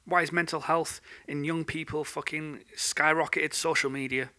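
A man's voice: on the high side, steady tone, normal speed, sharp tone. A man who hosts a podcast, delivering an unscripted, angry rant full of swearing. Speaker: podcast host. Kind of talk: unscripted ranting monologue.

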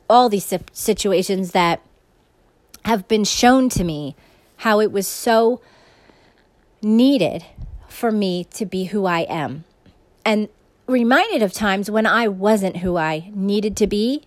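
Woman, 30s, podcast host; earnest, rambling reflective monologue; mid pitch, dead dry room. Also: dry recording. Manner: earnest, rambling with frequent "like" and restarts.

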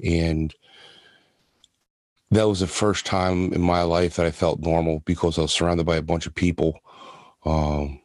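A man in his thirties telling his own hard story, halting and restarting often. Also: low-pitched, little pitch movement, darkish tone, no room sound. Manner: halting, with many restarts and fillers. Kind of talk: personal testimony.

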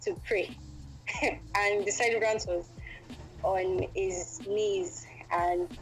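A woman guest telling a personal story in a casual, animated way. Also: medium pitch, takes it slowly, soft background music, poor audio.

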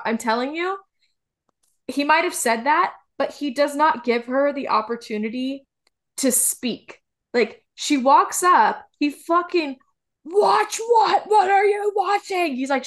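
A woman with a fairly high voice co-hosts a casual TV recap podcast. She rants with heated emphasis, repeats herself for effect and swears freely. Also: a bit bright. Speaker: podcast co-host.

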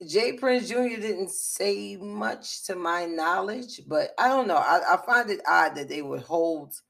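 A woman's voice: on the low side, animated, unhurried, creaky, fairly bright tone. A woman vlogger giving frustrated, impassioned commentary on a news story, speaking bluntly and swearing.

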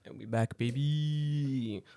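A man co-hosting a podcast in casual chat, telling stories with lots of swearing and animated rants. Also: mid-range voice, takes it slowly, faint music behind. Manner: animated, swearing ranting storyteller. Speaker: podcast co-host.

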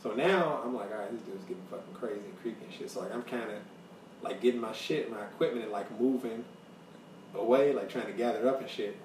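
A man from the Chicago area telling a profane, animated story on a casual podcast. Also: fairly low pitch, quick pace. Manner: profane, animated, acts out quoted voices. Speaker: podcast co-host. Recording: roomy, distant mic, faint noise.

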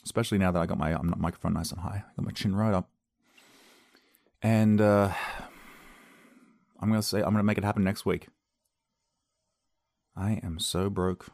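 A man's voice: sits low, fairly even intonation, normal speed, gravelly, long pauses, a little mellow, no echo, clean studio sound. A young man, hosting a casual solo podcast, telling a self-mocking story and acting out the other people's voices. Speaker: podcast host. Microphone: podcast microphone on a loose cable at home.

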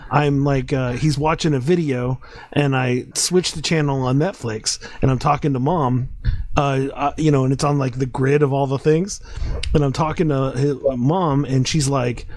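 A man's voice: mid-range voice, steady tone, normal speed, a little mellow. A man hosting a podcast, telling a rambling story in a casual chat with many fillers and restarts. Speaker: podcast host.

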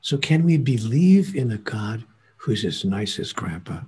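A man's voice: fairly low pitch, very animated, measured pace, darkish tone. A man acting as a spiritual teacher, telling a story and stressing points with emphatic repetition. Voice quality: husky, gravelly. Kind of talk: lecturing in conversation.

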